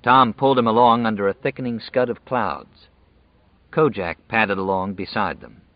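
A man reading a novel aloud in measured, even scripted narration. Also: fairly low pitch, no echo. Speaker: audiobook narrator. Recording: dull dry lo-fi audio.

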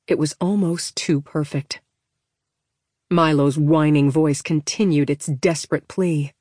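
A woman's voice: sits low, fairly even intonation, unhurried, darkish tone, no echo, clean studio sound. Woman narrating a storybook. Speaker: audiobook narrator.

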